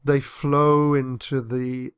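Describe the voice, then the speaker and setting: A man's voice: medium pitch, little pitch movement, takes it slowly, clean tone, no room sound, studio quality. A man teaching a literature lesson on a poem, thoughtful and hesitant, with many fillers and restarts. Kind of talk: lecture on poetry.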